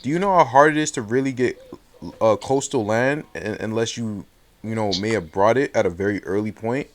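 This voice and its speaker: A man with a somewhat low voice hosts a casual interview. He reasons his points out step by step and often checks that his guest is following along. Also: a little fast. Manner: thoughtful, lays out points and checks agreement. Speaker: host.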